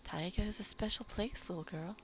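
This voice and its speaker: A woman voicing a soft-spoken old grandmother telling an eerie tale about the forest, in a half-whispered manner. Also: mid-range voice, fairly quick, muffled recording, slight background noise, pitched above the performer's own voice, close to an everyday voice. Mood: eerie, hushed.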